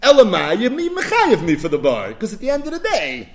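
A man giving an animated Talmud lecture, asking rhetorical questions and answering them himself. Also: high-pitched, fairly quick, crowd noise. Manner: lively, asks and answers his own questions. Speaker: Talmud teacher.

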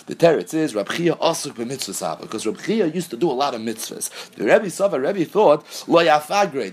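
A man teaching a Talmud lesson, reading the Aramaic text and explaining it in English with Yeshivish Hebrew terms. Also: a little high.

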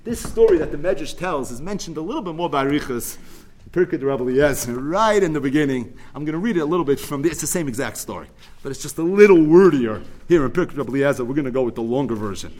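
A man teaching a Torah class, retelling a midrash with animated storytelling that swings between loud, emphatic bursts and quiet asides, and he sprinkles Hebrew and Yiddish terms into his English. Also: fairly high pitch, fast talker.

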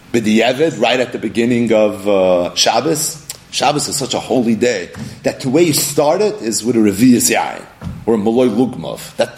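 A man's voice: mid-range voice, darkish tone. A man giving a Talmud study lecture, animatedly posing questions and then answering them himself. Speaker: Talmud teacher.

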